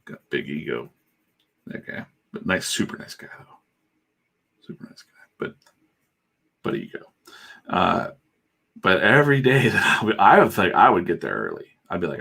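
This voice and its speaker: A man's voice: low-pitched, huge pitch swings, normal speed, vocal fry, long pauses, pushed and bright, husky. A middle-aged man, a comic artist, chatting in a rambling, irreverent way on a livestream while he works, swearing freely. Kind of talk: casual livestream chat.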